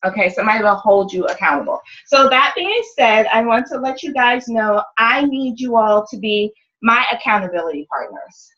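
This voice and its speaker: A woman's voice: medium pitch, moderate pace, a bit bright, lo-fi sound. A woman leading a sales team meeting, talking candidly about goals with upbeat, emotional energy and casual swearing. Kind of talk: motivational team meeting talk.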